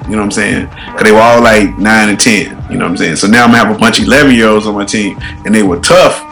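A man's voice: lowish voice, quick pace, gravelly, fairly bright tone, faint music behind. A man who coaches youth football, talking in a laid-back, slangy way with lots of "you know what I'm saying.". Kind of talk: casual chat.

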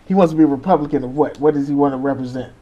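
A man's voice: mid-range voice, very fast, mellow, muffled recording. A man hosting a casual chat, laid-back, asking questions and laughing easily.

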